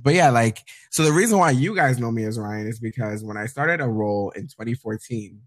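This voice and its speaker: Man podcast co-host, wry, relaxed, casual swearing, dry close sound. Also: mid-range voice, fairly quick, no echo. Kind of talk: casual chat.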